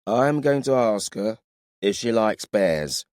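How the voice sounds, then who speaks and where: A man voicing a drunk, lovestruck young male warrior who talks in a slow, earnest drawl. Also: lowish voice, animated, darkish tone, smooth, no echo, clean studio sound, voice pushed up.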